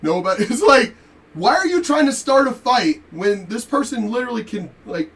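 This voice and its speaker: A man telling a story in a profane, animated rant while commenting on a reaction video. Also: very high-pitched, normal speed, distant mic. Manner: animated, profane, laughing asides.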